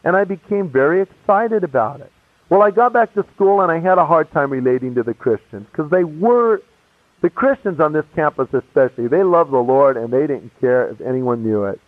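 A man giving a testimony describes his conversion in a casual, animated way, imitating the voices of everyone in the story. His pitch is fairly high and his pace brisk, and the recording is tinny, phone-like and dry with no room sound.

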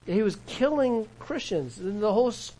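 A male pastor preaches in a chatty, animated manner. His voice sits fairly high, and he often mixes in quick laughs and imagined dialogue. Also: poor audio. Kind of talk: sermon.

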